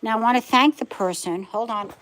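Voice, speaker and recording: A woman's voice: a little high, fairly quick, fairly bright tone, a little hiss or hum. A woman hosting a casual live stream from her phone at home, chatting with viewers and her dogs, firm when she answers comments. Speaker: livestream host.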